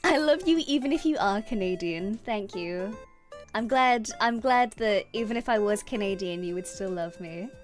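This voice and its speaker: A woman's voice: medium pitch, expressive, moderate pace, soft background music. A young British woman streaming and chatting casually with viewers, bubbly and giggly as she reads chat aloud. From Britain.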